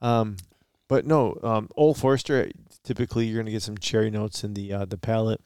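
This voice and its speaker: Podcast co-host, male, lower voice, resonant and smooth, measured delivery, dry booth sound. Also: steady tone, a little mellow, no room sound. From Michigan. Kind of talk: casual chat.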